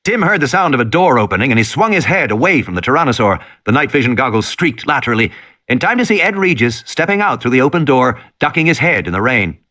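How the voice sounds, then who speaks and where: Animated male storyteller, bright tone, big pitch swings, dramatic reading. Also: fast talker. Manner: dramatic, rises and falls with the tension. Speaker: audiobook reader. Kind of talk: dramatic audiobook narration.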